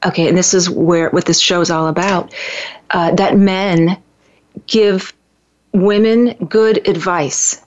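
A female co-host in casual banter, teasing and animated, with quick restarts. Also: lowish voice. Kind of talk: casual chat. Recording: muffled lo-fi audio.

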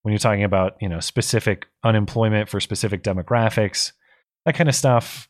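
A man's voice: fairly low pitch, a little fast. A male co-host in casual political talk, tired with his voice going, reading out viewer messages and thinking aloud with restarts.

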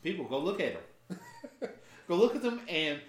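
Male podcast host, animated and jokey, echoey room. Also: high voice, moderate pace. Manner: lively, joking, laughs often. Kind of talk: casual podcast banter. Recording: roomy echo, faint noise.

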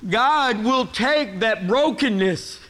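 Slow, high-voiced man preaching a sermon. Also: expressive, a bit bright. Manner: earnest, emotional preaching that rises and presses when stirred. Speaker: guest preacher. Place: church sanctuary.

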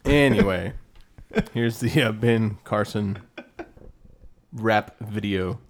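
A man's voice: lowish voice, steady tone, takes it slowly, a little hiss or hum. A man co-hosting a podcast, bluntly telling stories and swearing in casual banter. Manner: sporty storyteller, blunt, swears. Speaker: podcast co-host.

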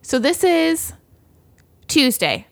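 Animated young woman telling a story. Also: sits high, slow pace, creaky, no echo. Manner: animated, laughs often, acts out quoted voices. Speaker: podcast co-host. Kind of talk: casual storytelling chat.

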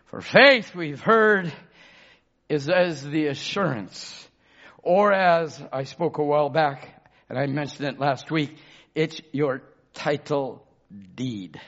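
A pastor preaching a sermon. He drops to a murmur, then shouts for emphasis and calls out to the congregation for amens. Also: slow, dull audio. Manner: swings between low murmurs and loud shouted emphasis.

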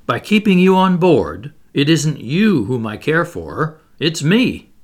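A man voicing a stern, reclusive submarine captain who speaks in a cold, measured, commanding way. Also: on the high side, big pitch swings, exaggerated voice.

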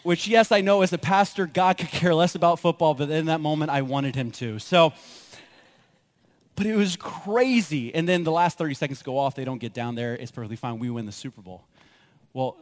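A male pastor in his thirties delivering a sermon, his voice sitting a little on the high side. He tells personal stories with animated energy and plays out his own reactions as he goes. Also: fairly quick.

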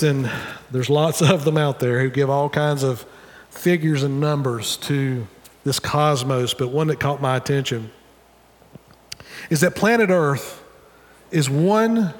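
A man's voice: fairly high pitch, big-room sound. A male pastor preaching a sermon in an earnest, conversational way, with wry asides. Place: church sanctuary.

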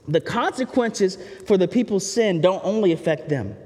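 A man's voice: high voice, lively intonation, moderate pace, a little mellow. A man preaching a sermon in a candid, conversational way, often turning to the listeners with asides. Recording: reverberant hall.

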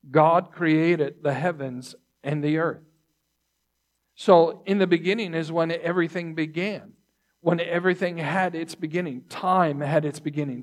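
A man preaching a sermon, teaching slowly and deliberately, repeating key phrases and clearing his throat between points. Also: fairly high pitch. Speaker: pastor.

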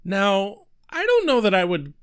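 A man co-hosting a podcast, chatty and quick to laugh while recapping an episode. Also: high-pitched, smooth. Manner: chatty, laughs often, animated. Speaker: podcast co-host. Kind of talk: casual chat recapping a TV episode.

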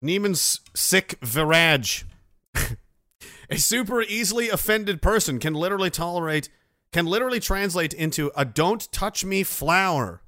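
Profane, rambling, bright-voiced male host. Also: sits high, lively intonation, moderate pace, no room sound, clean studio sound. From Nova Scotia, Canada. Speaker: livestream host. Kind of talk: casual livestream chat reading viewer messages.

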